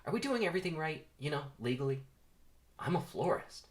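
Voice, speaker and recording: A man reading the part of a friendly young woman florist in a comedic script reading, sweet and upbeat, pitched higher than his own voice. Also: big pitch swings, a little fast. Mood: cheerful.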